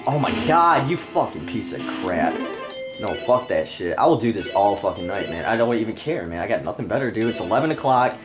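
A man's voice: lowish voice, very animated, brisk. A young man playing a video game and ranting, irritable and constantly swearing, with game music behind him. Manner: foul-mouthed, irritable, ranting. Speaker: gamer. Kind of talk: profane let's-play rant.

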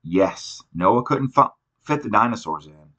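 A man voicing a kind young boy who soothes a frightened little child. He speaks in a soft, reassuring way, with a low, bright voice, as part of a storybook reading. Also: animated, a little slow, lo-fi sound. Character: gentle young boy comforting a small child.

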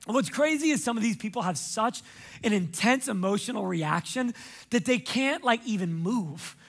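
A man preaching a sermon as pastor, energetic and emphatic, casual and chatty with frequent fillers, sometimes shouting. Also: high voice, normal speed, vocal fry.

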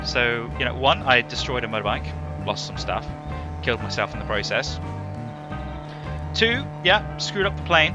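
A man talks over his game in a rambling, self-mocking way, breaking into loud exclamations. His pitch sits mid-range for a man. Game music plays clearly behind him. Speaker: gaming YouTuber. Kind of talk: casual gameplay commentary.

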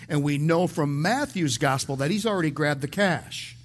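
A man's voice: a little high, normal speed. A male pastor preaching verse by verse in a conversational way, often repeating words as he starts a sentence and slipping in light jokes. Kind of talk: verse-by-verse sermon.

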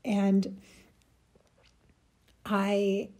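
A woman telling a personal spiritual story in a halting, emotional way, searching for words and getting choked up. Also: mid-range voice, completely flat delivery, dark tone. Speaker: spiritual channel host.

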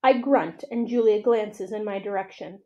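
A woman reading a children's novel aloud for a library, with expressive, steady storytelling. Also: mid-range voice, normal speed, muffled recording.

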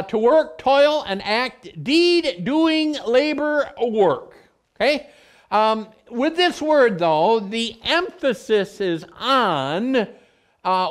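Middle-aged male pastor, deliberate pace, relaxed teaching sermon with homely anecdotes. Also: high-pitched. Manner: conversational, explains word meanings with everyday stories.

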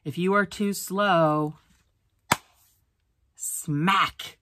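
A woman reading the lines of an eager young boy in a children's picture book, earnest and slow. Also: fairly low pitch, steady tone, noisy background.

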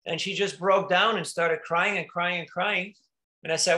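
A man's voice: high voice, steady tone, moderate pace, sharp tone. A man, a monk, giving an informal spiritual talk, telling stories in a conversational way with frequent restarts and little laughs.

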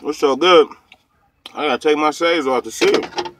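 A man's voice: on the high side, moderate pace, a bit bright, slight background noise. A man in his fifties doing a casual food review vlog, laid-back and chatty with slang.

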